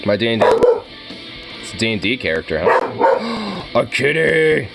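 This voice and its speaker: A man chatting on a live stream in an unhurried, drawn-out way. His pitch swings widely between low mutters and high squeals as he gushes, swearing casually. Faint guitar music plays in the background. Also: vocal fry. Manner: excitable, gushing over cats, casually profane.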